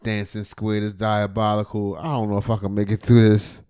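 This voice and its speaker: A man giving casual, profane reaction commentary, with loud outbursts and frequent laughter. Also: on the low side, flat delivery, moderate pace, clean tone, no echo, studio quality. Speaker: reaction streamer.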